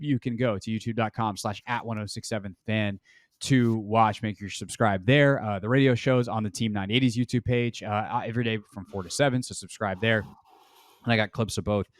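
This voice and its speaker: A man's voice: mid-range voice, clear, resonant tone, dry recording, clean studio sound. A man co-hosting a sports podcast in casual chat, rambling and joking as he corrects himself mid-sentence. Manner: rambling, self-correcting, jokey. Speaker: podcast co-host.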